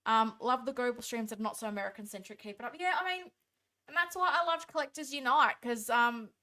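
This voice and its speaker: Australian woman, stream host, tired late-night chat, higher pitched, bright tone, reads and answers comments. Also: expressive, a little fast. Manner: reads viewer comments aloud and answers them, chatty and thankful. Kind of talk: casual live-stream chat.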